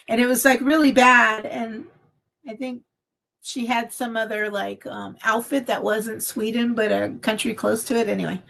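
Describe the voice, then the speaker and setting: A woman's voice: on the high side, gravelly, a bit bright. A woman hosting a casual craft live stream from home, chatting in a meandering way with lots of fillers, recorded on a phone. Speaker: craft channel host.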